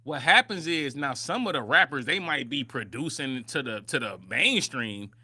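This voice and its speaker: A man's voice: mid-range voice, lively intonation, moderate pace, pushed and bright, no room sound. A man co-hosting a livestream, arguing his point emphatically and repeating "bro". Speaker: podcast co-host. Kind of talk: heated livestream reaction talk.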